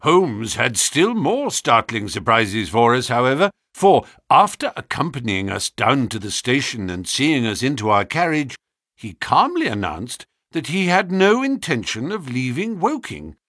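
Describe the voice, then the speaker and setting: A man giving scripted narration of a story in a measured storytelling manner. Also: mid-range voice, very animated, a bit bright, slightly rough, no room sound, studio quality. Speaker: audiobook narrator.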